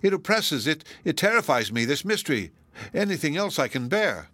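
A gentle young woman, voiced by a man reading an audiobook, speaks in a raised, trembling voice. She pleads with fear in a dry, close recording. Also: medium pitch, big pitch swings, normal speed, dry recording, voice pushed up.

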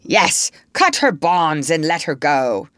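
A woman voicing a boy hero mimicking a fierce pirate captain, in a bold, commanding manner with shouted orders. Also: deep voice, big pitch swings, slow, no echo, studio quality, exaggerated voice.

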